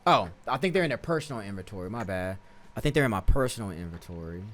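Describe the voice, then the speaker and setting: A man's voice: lowish voice, animated, quick pace, fairly bright tone. A man streaming a life-sim game, giving casual, slangy commentary and often stopping to correct himself.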